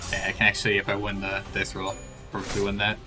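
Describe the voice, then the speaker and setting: A man's voice: on the low side, monotone, fast talker, over music. A man giving casual live commentary while playing a video game, thinking aloud as he goes. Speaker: game streamer.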